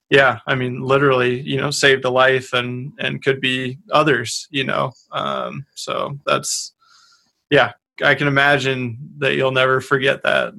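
Male host, bright and tense sound, flat pitch, loose casual phrasing. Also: vocal fry. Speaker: podcast host. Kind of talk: casual interview chat.

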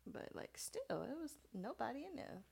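Woman cohost w a gravelly fry voice, just chatting movies. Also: fairly high pitch, big pitch swings, normal speed, darkish tone, a little hiss or hum. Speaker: podcast co-host. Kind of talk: casual movie chat.

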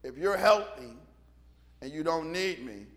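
High-voiced folksy preacher in a reverberant hall. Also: male voice, lively intonation, a little slow. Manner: folksy storytelling, acting out Bible figures in casual slang. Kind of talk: sermon.

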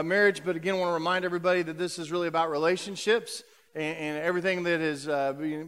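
Male pastor, sermon, conversational, high voice, long echo in the sanctuary. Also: a bit bright, smooth. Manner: conversational, many fillers and restarts. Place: church sanctuary.

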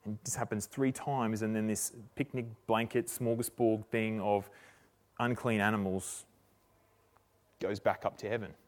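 A man preaching a sermon, retelling a story in a relaxed, chatty way with slang and frequent restarts. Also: fairly low pitch, unhurried.

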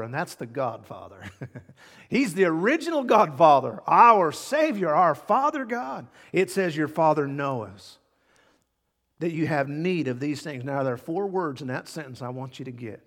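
A man preaching a sermon as pastor, emphatic, repeating key words and swinging between loud and hushed. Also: a little high, animated, fairly quick. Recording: long hall reverb.

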